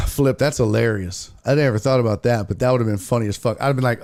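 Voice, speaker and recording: A man's voice: mid-range voice, fast talker, a little hiss or hum. A man hosting a casual sports talk stream, swearing freely and reading viewer chat aloud. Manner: profane, animated, reads chat aloud. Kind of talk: casual livestream commentary.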